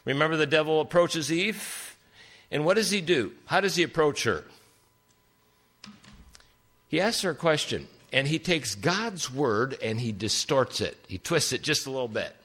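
An older man preaching a sermon, telling stories with big swings in pitch for emphasis. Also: expressive, normal speed, a bit bright.

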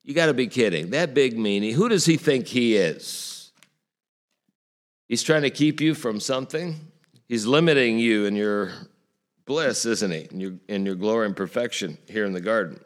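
A man's voice: lowish voice, expressive, moderate pace, close to an everyday voice. A man voicing a scornful male serpent devil who mocks with rhetorical questions. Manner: sneering, mocking rhetorical questions.

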